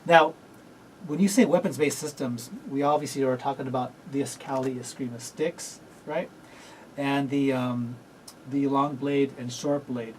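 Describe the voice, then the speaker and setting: A man's voice: mid-range voice, fairly even intonation, unhurried. A man hosting a talk radio show, rambling and correcting himself as he goes. He laughs easily and keeps the talk loose. He sounds a bit distant, with a faint hiss behind him. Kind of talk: casual radio talk interview.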